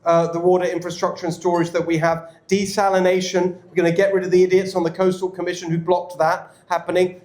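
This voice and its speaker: Man, English accent, high voice, emphatic campaign speech, echoey room. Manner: emphatic and energetic, quick restarts. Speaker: political candidate speaking at a club event. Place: indoor event room with an audience.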